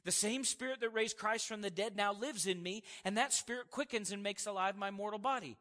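A man's voice: high-pitched, brisk, pushed and bright, in a large hall. A man preaching a sermon in an emphatic, conversational way, with casual asides to the congregation.

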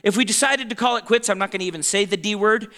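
A man's voice: high-pitched, fast talker, pushed and bright. A man in his forties preaching a conversational sermon to a congregation, often checking in with his listeners and laughing. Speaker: pastor.

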